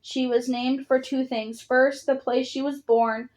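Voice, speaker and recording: A woman reading the lines of a grateful young mother, soft and heartfelt. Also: high voice, little pitch movement, measured pace. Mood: tender.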